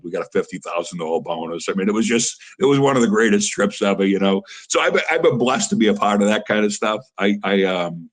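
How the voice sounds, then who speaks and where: A man's voice: sits low, a little fast, few pauses. A middle-aged man and fight manager, telling stories in a casual interview with many rambling restarts.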